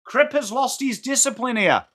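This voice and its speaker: A man with an English accent giving live football reaction commentary as a watchalong streamer, blunt and excitable, swearing and greeting his chat by name. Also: very high voice, moderate pace. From England.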